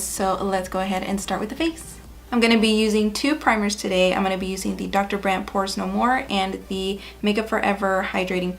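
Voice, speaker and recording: Upbeat woman beauty vlogger with a creaky, fry-edged voice, chatting viewers through a tutorial. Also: medium pitch. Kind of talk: casual makeup tutorial narration.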